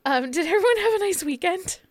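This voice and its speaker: A woman's voice: very high voice, animated, a little fast. A woman hosting a podcast in casual chat, chatty and laughing often. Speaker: podcast host.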